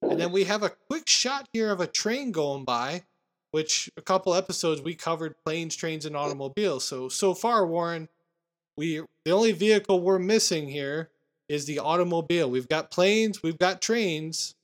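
A man hosting a casual podcast, retelling movie scenes with animated quoted lines. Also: on the high side, moderate pace. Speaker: podcast host recapping a film. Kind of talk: casual chat.

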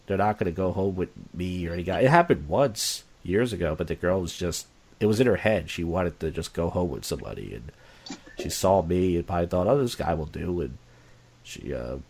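Blunt, rambling man with a low voice. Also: a little mellow. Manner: rambling, repetitive, blunt and profane. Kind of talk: candid casual conversation.

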